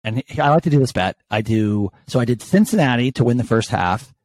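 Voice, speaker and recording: Animated sweary man talking sports. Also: mid-range voice, brisk, no room sound. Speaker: podcast co-host. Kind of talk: casual sports chat.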